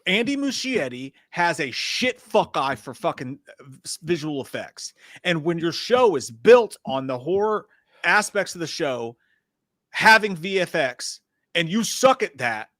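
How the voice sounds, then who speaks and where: A man's voice: on the high side, sing-song, a little slow, fairly bright tone, dry recording, studio quality. A man co-hosting a live movie stream, ranting bluntly with heavy swearing. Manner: blunt, profane, heated ranting. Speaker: co-host. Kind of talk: casual live-stream chat.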